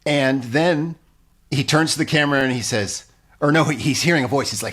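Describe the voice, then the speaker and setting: A man co-hosting a comedy podcast, recapping a show in a blunt, profane, animated way. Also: mid-range voice, brisk, slightly rough. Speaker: podcast co-host. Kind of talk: casual comedic recap chat.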